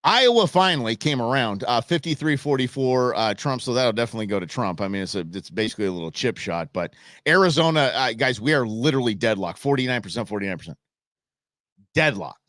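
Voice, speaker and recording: Talking fast in a medium-pitched, slightly bright voice with lively intonation, a man hosts a live election-night stream. His casual, jokey, opinionated commentary rambles with lots of restarts and asides, recorded with clean studio sound and no echo.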